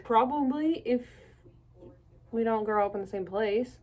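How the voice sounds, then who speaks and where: A woman's voice: a little high, animated, moderate pace, darkish tone. A young adult woman from Canada talking to camera in a casual solo vlog, rambling and self-deprecating, laughing often. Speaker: vlogger.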